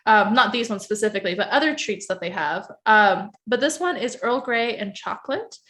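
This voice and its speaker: A woman's voice: medium pitch, lively intonation, normal speed, a bit bright. A woman hosting a casual livestream chat, gushing as she tastes food, with lots of "um" and "like". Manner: chatty, gushing food tasting with fillers. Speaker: show host.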